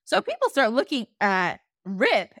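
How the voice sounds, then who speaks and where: Animated woman retelling a folk tale. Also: on the high side, unhurried, no echo, clean studio sound. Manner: animated, laughs often. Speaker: podcast host. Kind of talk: casual storytelling.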